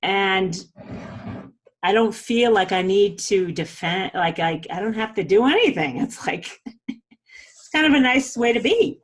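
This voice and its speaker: Husky woman hosting a chatty self-help podcast. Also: mid-range voice, animated, a little slow. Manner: chatty and earnest, frequent "like" and "okay?". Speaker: podcast host. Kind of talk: casual self-help monologue.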